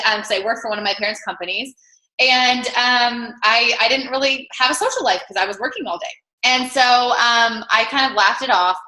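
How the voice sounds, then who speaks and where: A woman telling a personal success story in a lively way, acting out the dialogue she quotes. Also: on the high side, echoey room, low-quality recording. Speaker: business testimonial speaker.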